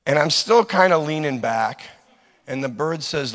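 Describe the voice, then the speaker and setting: A man preaching a sermon, telling a personal story in an animated way that swings between loud and hushed. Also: on the high side, unhurried. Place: church hall. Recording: long hall reverb.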